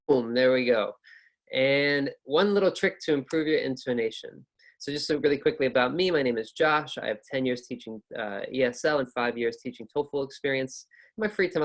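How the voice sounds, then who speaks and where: Upbeat American man teaching a lesson. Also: mid-range voice. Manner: upbeat, chatty, with fillers and restarts. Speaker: ESL and test-prep teacher. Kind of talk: casual online lecture.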